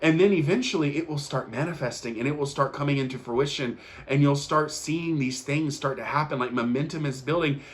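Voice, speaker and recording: Young man, earnest motivational host, emphatic, repeats lines, slightly high voice. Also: fairly quick, hardly any pauses. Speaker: podcast host. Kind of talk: motivational monologue.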